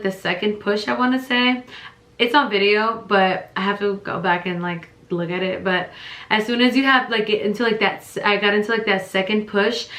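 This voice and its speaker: Bright-voiced young woman telling a story. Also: medium pitch, roomy sound. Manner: rambling, many fillers, lively quoted voices. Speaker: vlogger. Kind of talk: casual storytelling.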